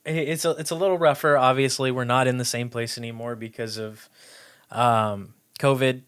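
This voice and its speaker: A man hosting a podcast from home, talking in a rambling way with frequent laughs and halting restarts. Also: medium pitch, steady tone, a bit bright, clean tone. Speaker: podcast host. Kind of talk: casual chat. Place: home, remote recording.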